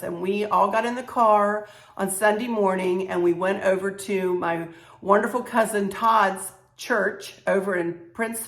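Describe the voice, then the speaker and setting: A woman with a Southern American accent and a hoarse, strained voice, chatting casually to camera as a home decor vlogger, rambling with many fillers. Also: medium pitch, fairly bright tone, roomy sound.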